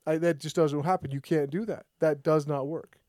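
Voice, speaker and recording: A man hosting a podcast, talking in a loose, rambling way and often restarting his sentences. His voice is slightly high for a man but warm and mellow. When he quotes other people he jumps in pitch. The sound is dry and close. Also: normal speed, no room sound. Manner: acts out quoted dialogue with lively pitch jumps. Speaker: podcast host. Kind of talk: casual podcast chat.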